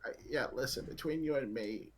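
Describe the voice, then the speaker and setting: A man's voice: medium pitch, a little fast, husky. A man playing a tabletop game in character, joking and rambling. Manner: rambling, playful, talks through laughs. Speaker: player.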